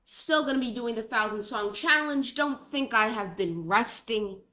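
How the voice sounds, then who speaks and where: A woman's voice: on the high side, normal speed, bright, forceful tone. A young woman talking casually in a rambling, dramatic, self-mocking vlog. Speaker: vlogger.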